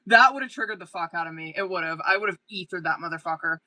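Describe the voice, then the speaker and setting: Woman, live-stream tarot reader; bright, punchy voice; excitable, swears constantly. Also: on the low side, fast talker, rough recording. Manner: excitable, heavy swearing, talks straight to a viewer.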